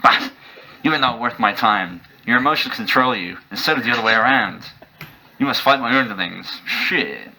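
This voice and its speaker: A man voicing a frail old male martial arts master who is gruff and scornful, with a slow, drawn-out delivery. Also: mid-range voice, animated, bright, forceful tone, slight background noise, poor audio.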